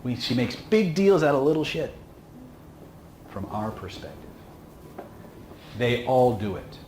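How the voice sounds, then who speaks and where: A man's voice: mid-range voice, big pitch swings, measured pace, a little mellow. Man lecturing, checking in with "okay?". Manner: casual, emphatic, with frequent "okay?" checks. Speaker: instructor. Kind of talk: seminar lecture. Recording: echoey room with faint hum.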